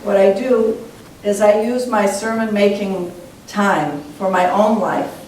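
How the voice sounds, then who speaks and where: A woman's voice: fairly even intonation, slow pace, darkish tone. Earnest woman minister in an echoey hall. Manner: earnest, reflective teaching tone. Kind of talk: sermon. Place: church sanctuary. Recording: echoey church hall, mic at a distance, faint rumble.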